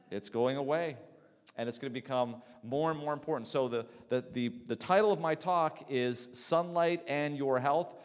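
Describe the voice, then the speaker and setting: Middle-aged male sleep doctor, conversational church lecture, audience questions, mid pitch, hall reverb. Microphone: handheld mic, swapped mid-talk.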